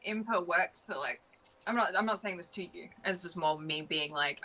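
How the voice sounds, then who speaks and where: Bright-toned Australian woman player. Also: lowish voice, normal speed, poor audio. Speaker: tabletop player. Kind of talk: casual tabletop chat. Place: home room over voice chat.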